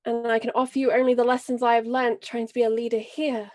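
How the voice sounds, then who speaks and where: A proud, vengeful noble lady, as a woman puts her on, grave and forceful, measured in every word. Her voice sits a little high. She speaks in tabletop role-play. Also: level tone, close to an everyday voice. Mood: fierce, earnest. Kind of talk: in-character role-play speech.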